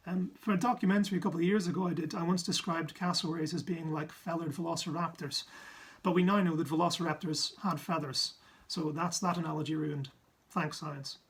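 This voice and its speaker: Husky man from Ireland, comic science talk, quick asides, big pitch jumps. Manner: jokey, with sudden asides and pitch jumps for effect. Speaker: science comedian.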